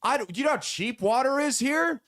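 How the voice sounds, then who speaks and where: Sarcastic high-voiced man ranting. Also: expressive, moderate pace, a bit bright. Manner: sarcastic, profane, heated. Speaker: political commentary host. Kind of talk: ranting commentary.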